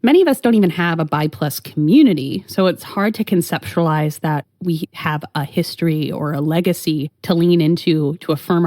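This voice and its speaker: A woman co-hosting a podcast in casual chat, animated and storytelling, swearing freely and acting out quotes. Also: fairly low pitch, no echo, clean studio sound. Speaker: podcast co-host.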